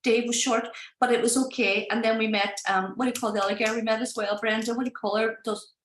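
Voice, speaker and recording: An Irish woman, a project founder, telling a story in casual, animated talk and acting out the people she quotes. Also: a little high, quick pace, roomy sound, a little hiss or hum, low-quality recording. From Ireland. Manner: animated, acts out voices in quotes.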